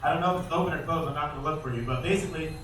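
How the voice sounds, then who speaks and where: A man presenting a live alligator show, joking with and quizzing the crowd and calling out loudly to them. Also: a little high, very fast. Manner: calls out loudly to the audience. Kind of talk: live comedic animal demonstration. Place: outdoor show arena. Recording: echoey, distant outdoor recording with faint noise.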